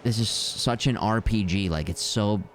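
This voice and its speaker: A man's voice: on the low side, normal speed, a little hiss or hum. A man chatting casually as a guest, rambling and hedging with fillers, with a slight leftover cough. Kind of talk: casual chat.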